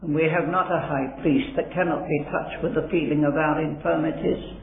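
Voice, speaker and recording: A man's voice: a little high, steady tone, moderate pace. A man preaching a sermon, expounding Bible verses earnestly and building to dramatic emphasis in a large hall. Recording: echoey hall on a tinny old recording.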